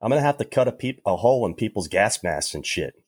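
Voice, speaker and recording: Husky low-voiced man joking crudely. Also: very animated, quick pace, darkish tone, no echo, studio quality. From New York. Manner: crude, joking, laughs often. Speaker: podcast co-host. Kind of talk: casual chat. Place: upstate New York.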